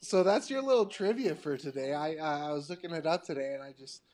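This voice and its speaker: Man, fairly high voice, upbeat, teasing trivia host, casual podcast chat. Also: lively intonation, a little fast, a crowd in the background. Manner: upbeat, presents trivia with playful buildup.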